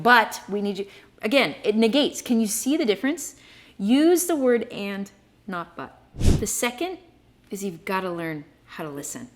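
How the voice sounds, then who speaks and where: A woman business coach giving advice straight to the viewer, stressing key words with emphasis. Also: medium pitch. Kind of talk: direct-to-camera advice video.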